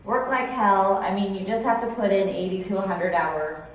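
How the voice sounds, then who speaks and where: This keynote speaker, a company president from California in her forties, has a medium-pitched voice with fairly even intonation and a moderate pace. She tells stories chattily with restarts in a conference hall, recorded from a distance with echo and slight background noise.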